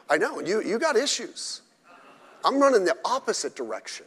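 A man's voice: high voice, sing-song, fairly quick, a bit bright. A male pastor preaching a sermon at a midweek service, blunt and emphatic with mocking asides. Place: church during a midweek service. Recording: echoey church hall.

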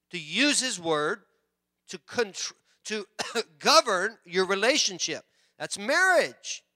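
A man pastor preaching a sermon in church, animated and joking with the congregation. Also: high-pitched. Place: church sanctuary.

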